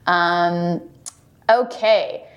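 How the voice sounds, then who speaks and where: A woman's voice: fairly low pitch, very slow, highs cut off. Giggly woman recapping an episode. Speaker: podcast co-host. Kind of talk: casual chat.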